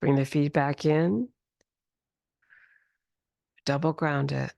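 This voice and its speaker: Slow, gravelly-voiced woman teaching qigong. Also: deep voice, dry recording. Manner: slow, calm instructions with drawn-out healing sounds. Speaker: qigong and tai chi instructor. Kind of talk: guided movement class. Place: studio class in the city.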